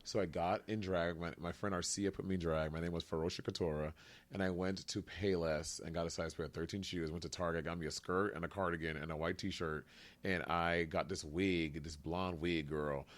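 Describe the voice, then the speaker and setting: Man guest, animated self-mocking storyteller, low-pitched, casual podcast chat. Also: moderate pace. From New York City.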